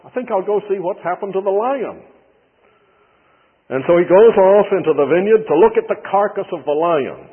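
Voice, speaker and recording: A man preaches a sermon in a folksy, storytelling way and slips in dry bits of humor. His voice sits a little high and has a husky edge. The recording sounds thin and tinny, like an old radio broadcast, with a long reverb from a large hall. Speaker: pastor.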